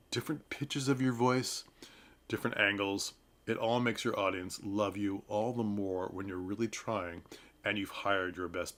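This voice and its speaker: A man chats casually as a theater reviewer, giving a talking-head commentary on a play. He's chatty and full of advice, laughs often, and slips into playful mock voices. His mid-range voice is a bit bright.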